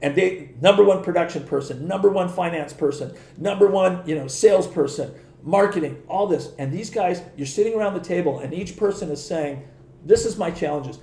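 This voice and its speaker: A middle-aged man telling stories on a podcast in a casual, animated way, laughing often and acting out the voices of the people he quotes. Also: high-pitched, fairly quick, reverberant. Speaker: podcast guest. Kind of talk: casual storytelling.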